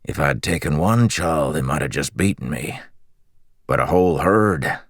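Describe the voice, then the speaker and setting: A man voicing a raspy, scraggly bearded male slave in an audiobook, a thief proud of his own daring who talks in a chummy way. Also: rumbling low, lively intonation, normal speed, no room sound, clean studio sound. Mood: boastful, amused. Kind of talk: audiobook character reading.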